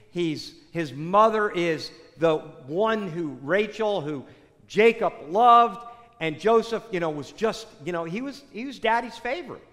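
A man's voice: high voice, a bit bright. A man preaching a sermon in a conversational way, sprinkling his talk with "you know" asides. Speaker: pastor. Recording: echoey hall.

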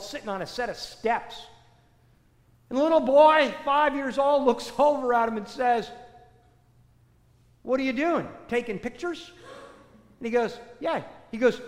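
A man preaching a storytelling sermon, animated, swinging between loud bursts and hushed, low passages. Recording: echoey hall with long reverb.

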